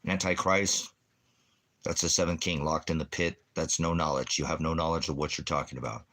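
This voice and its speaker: With an extremely low pitch, a steady, fairly bright tone, and a slightly fast delivery, a man runs a ministry livestream. His replies to the chat are insulting and full of mockery and profanity, bouncing from crude jokes to scripture talk.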